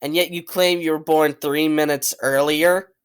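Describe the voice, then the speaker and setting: With a fairly high, smooth voice and steady tone, a man moves at a moderate pace through casual commentary ranking cartoon characters as channel host. He rambles bluntly, swears freely, and repeats himself.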